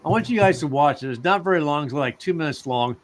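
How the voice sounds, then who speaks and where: Rambling, halting male talk show host. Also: a little high, animated, a crowd in the background. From northern United States. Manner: rambling, halting, many fillers and restarts. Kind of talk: casual talk show chat.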